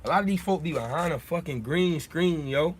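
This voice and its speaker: A man's voice: a little high, brisk, husky. A young man hosting a casual livestream, talking in streetwise slang in a preachy way, often repeating his points. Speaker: livestream host.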